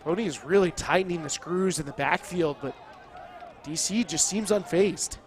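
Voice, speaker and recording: A man's voice: high voice, normal speed, a little hiss or hum. A man giving sports color commentary, breaking plays down step by step in a wordy way with frequent restarts.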